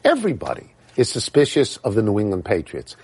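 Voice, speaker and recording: An older man in his seventies co-hosting a sports talk show, animated, jumping in and repeating words for emphasis. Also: on the low side, brisk, breathy edge. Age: 70s. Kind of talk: sports debate.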